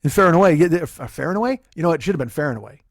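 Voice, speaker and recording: A man's voice: fairly high pitch, rapid-fire, no room sound, studio quality. A man hosting a podcast, telling rambling comic stories in casual chat, full of swearing. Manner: profane, rambling, jokey storytelling. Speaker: podcast host.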